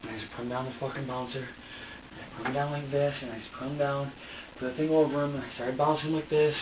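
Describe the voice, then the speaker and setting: A man's voice: medium pitch, fairly even intonation, quick pace, background noise. A man under police interrogation, talking in an agitated, rambling way and swearing heavily. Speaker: interrogation suspect. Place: interrogation room. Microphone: distant room mic. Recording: dull echoey room audio from far off.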